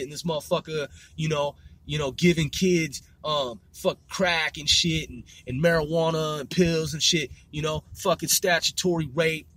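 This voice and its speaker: A man from Seattle telling profane, rambling stories in a casual, animated way. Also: fairly high pitch, breathy edge, dry recording. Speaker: podcast host. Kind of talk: casual storytelling.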